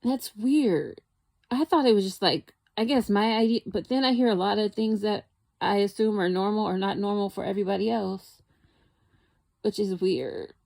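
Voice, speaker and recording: A woman's voice: mid-range voice, normal speed, creaky, darkish tone. A young woman talking casually to camera, rambling and musing, with lots of "like". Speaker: vlogger.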